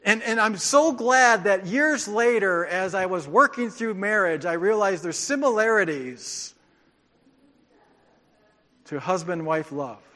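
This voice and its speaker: A man preaching a sermon as a pastor, animated and joking, acting out quoted voices. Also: sits high, measured pace, long reverb tail. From grew up on a farm.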